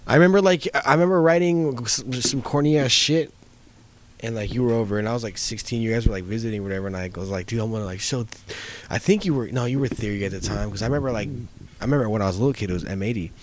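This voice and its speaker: A young man co-hosting a podcast, chatting in a relaxed, joking way with casual swearing. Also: mid-range voice, fast, a little hiss or hum. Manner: laid-back, joking, swears. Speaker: podcast co-host. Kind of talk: casual chat.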